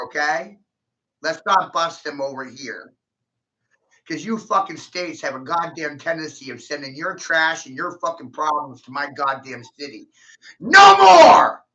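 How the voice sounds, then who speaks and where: A man's voice: fairly high pitch, moderate pace, sharp tone, rough recording. A man ranting angrily in a casual vlog, swearing heavily and jumping between grievances. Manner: angry, swearing, erratic. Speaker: vlogger. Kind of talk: profane rant to camera.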